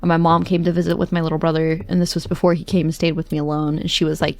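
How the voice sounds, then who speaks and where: A woman's voice: low-pitched, little pitch movement, rapid-fire, few pauses, darkish tone. A woman streamer telling a long personal story in casual chat, chatty, quoting others and laughing often. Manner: chatty, tells stories with quoted asides, laughs often.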